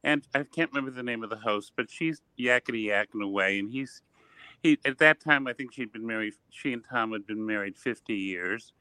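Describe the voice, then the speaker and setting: A man telling an animated anecdote on a video call, a guest who worked on stage shows with the host's guest. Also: mid-range voice, brisk, smooth, no room sound, rough recording.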